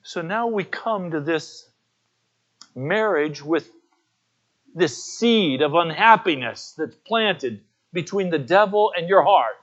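Slow, high-voiced preaching pastor. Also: male voice, expressive, fairly bright tone, lo-fi sound. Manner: earnest storytelling preacher. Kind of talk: sermon with personal anecdotes.

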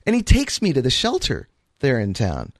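A man with a gravelly voice tells a story on a talk radio show, his pitch rising and falling a lot as he acts out the people he quotes. The studio sound is dry and close. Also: huge pitch swings, normal speed, no room sound. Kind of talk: casual storytelling chat.

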